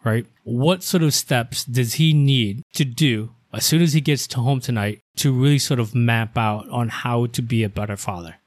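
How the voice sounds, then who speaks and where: A man's voice: medium pitch, moderate pace, few pauses, no room sound. A man co-hosting a podcast who asks long scenario questions and keeps checking with "right?". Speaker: podcast co-host. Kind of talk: podcast interviewing.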